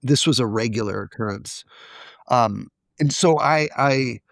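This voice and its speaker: A man's voice: medium pitch, unhurried, creaky, no echo. A man as a podcast guest, candidly telling a personal story and acting out the quoted dialogue. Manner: confessional, acts out quoted dialogue.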